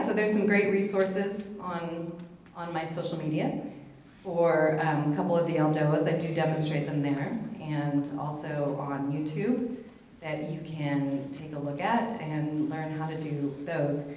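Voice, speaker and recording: A woman's voice: low-pitched, steady tone, unhurried, a little mellow. A woman personal trainer speaking on a panel, chatty and upbeat and laughing at her own jokes. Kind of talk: casual panel talk. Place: conference hall at a summit. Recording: roomy hall echo.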